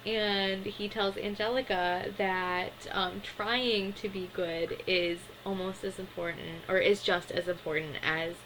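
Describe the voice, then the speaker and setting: A woman's voice: mid-range voice, fairly even intonation, a little slow, few pauses, fairly bright tone, slight background noise, rough recording. Chatty young woman recapping a cartoon. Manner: chatty, many fillers, laughs to herself. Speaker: cartoon episode reviewer. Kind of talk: casual episode recap.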